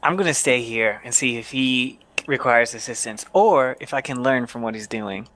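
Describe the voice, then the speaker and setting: Formal, bright-voiced male player. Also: medium pitch, slight background noise. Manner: formal, measured. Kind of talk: in-character speech in a tabletop game.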